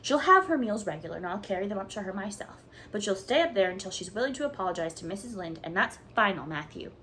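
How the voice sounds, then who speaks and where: A woman's voice: mid-range voice, animated, fast talker, fairly bright tone, slight background noise, natural voice. Woman doing a stern, dry spinster.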